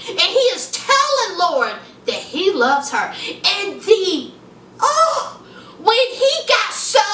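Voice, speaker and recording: Woman host, very high and lively voice, unhurried sassy chat, echoey room, mic off at a distance. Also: slight background noise. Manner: sassy, chatty, calls viewers honey and child. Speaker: show reviewer. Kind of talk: casual TV review chat.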